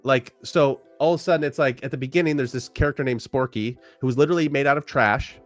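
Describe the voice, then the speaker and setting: A man talking as a podcast guest in a casual conversation, an animated storyteller who swears freely and acts out quotes. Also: mid-range voice, fast talker, no echo, faint music behind.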